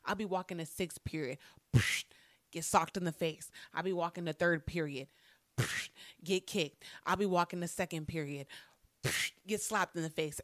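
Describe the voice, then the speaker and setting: A young woman telling a childhood story in a casual, animated way. She swears freely and acts out the lines people said. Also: on the low side, no room sound, studio quality. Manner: animated, profane, acts out quotes.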